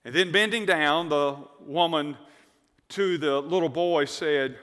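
A man's voice: fairly high pitch, slow pace, fairly bright tone. A man preaching a sermon as pastor, telling a story to his congregation and reading scripture aloud. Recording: church hall reverb.

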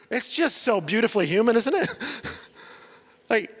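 High-voiced male pastor in a reverberant hall. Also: slightly rough. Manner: conversational, laughs often, acts out quotes. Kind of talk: sermon.

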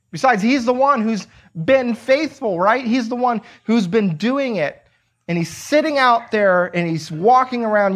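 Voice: medium pitch, fairly bright tone. Here is a preacher walking listeners through a scripture passage with an easygoing, chatty delivery. The story is retold in plain everyday words, with rhetorical questions tossed out to the listeners along the way. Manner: conversational, asks rhetorical questions. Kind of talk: conversational Bible teaching.

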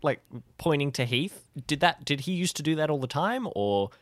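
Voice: mid-range voice, big pitch swings, normal speed, no room sound. Hesitant tabletop player, dry close sound. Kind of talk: tabletop role-play.

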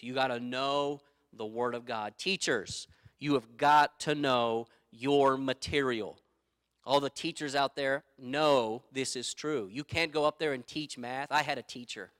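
Bright-voiced emphatic male pastor. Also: medium pitch, steady tone, a little slow, smooth. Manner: emphatic, repeats key phrases, tells anecdotes. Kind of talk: sermon.

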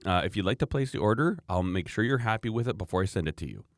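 A man with a low voice chatting on a podcast, telling long meandering stories about his customers. He slips into the voices of the people he quotes as he goes. The sound is close and dry, with no room around it. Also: expressive, quick pace, dry recording. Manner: rambling storyteller, acts out quoted customers. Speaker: podcast co-host, knife maker. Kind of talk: casual chat.

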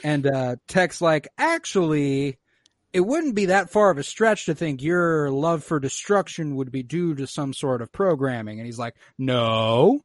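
A man casually recapping a show episode, acting out the characters' lines in quick little voices and swearing freely. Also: on the high side, no room sound, clean studio sound. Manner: animated storyteller who acts out characters' lines, swears freely. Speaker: podcast co-host recapping a show. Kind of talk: casual chat.

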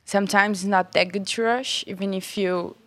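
A woman's voice: medium pitch, fairly even intonation, normal speed, dry recording. A woman, a guest and former athlete, speaking thoughtfully and searching for her words. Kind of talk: casual chat.

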